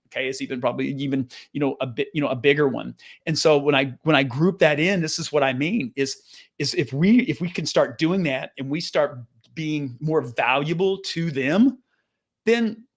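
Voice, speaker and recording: A man in his fifties with a fairly high voice speaks straight to camera like a business coach. He is earnest and lively, restarts his sentences often, and mimics the people he quotes. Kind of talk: casual motivational talk to camera.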